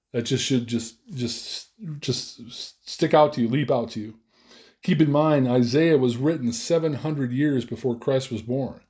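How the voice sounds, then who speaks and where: Guy preaching a sermon, warm mellow tone, earnest, keeps repeating words to hammer a point. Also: mid-range voice. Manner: earnest, emphatic preaching with repetitions. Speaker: pastor.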